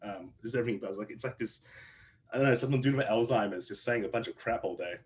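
A man's voice: on the low side, fast talker. Young male interviewer, casual and jokey. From Australia. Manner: joking, laughing, swears, acts out quotes. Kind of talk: casual chat.

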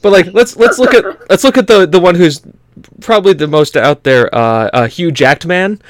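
A man co-hosting a gaming podcast in casual chat, rambling with lots of fillers and quick to laugh. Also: sits high, no room sound, clean studio sound. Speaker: podcast co-host.

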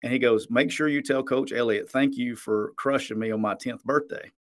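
A man's voice: mid-range voice, fairly even intonation, moderate pace. A man, hosting a podcast in a friendly, rambling way and laughing easily. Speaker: podcast host. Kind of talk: casual podcast chat.

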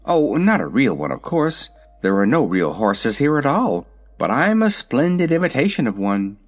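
A man's voice: mid-range voice, big pitch swings, normal speed. A man voicing a proud, naive male wooden sawhorse in a storybook, cheerful and earnest. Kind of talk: storybook character voice.

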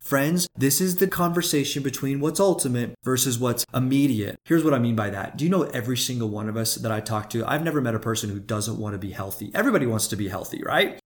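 A man hosting his own coaching podcast, speaking in an energetic, conversational way and chuckling often as he talks to his listeners. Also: mid-range voice. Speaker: life coach and podcast host. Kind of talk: motivational podcast monologue.

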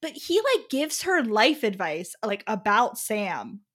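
A young woman co-hosting a casual chat, animated and laughing as she recaps a story. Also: medium pitch, unhurried. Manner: animated, laughs, quotes characters. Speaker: podcast co-host.

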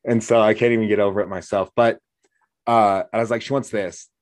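A man's voice: on the low side, fairly even intonation, a little fast, no room sound. American man, podcast host, casual chat, playful storyteller, dry close sound. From United States. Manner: jokey storyteller, acts out quoted voices. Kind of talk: casual conversation.

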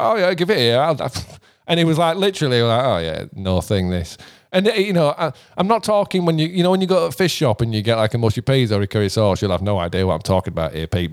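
A man's voice: medium pitch, dry recording. Man, rambling anecdotes, swears a lot, dry sound. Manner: swears freely, rambling, laughs often. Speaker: podcast guest musician. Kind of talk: casual storytelling chat.

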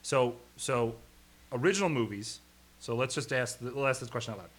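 A man chatting casually about films, animated and swearing, often laughing as he retells scenes. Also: medium pitch, a little fast. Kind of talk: casual podcast chat.

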